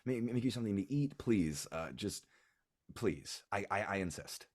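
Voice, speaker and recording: A man voicing a doting, fussy middle-aged rabbitfolk mother who scolds and then grows hushed and soft. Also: lowish voice, expressive, moderate pace. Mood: fussing. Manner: fussing, scolding and hushed by turns.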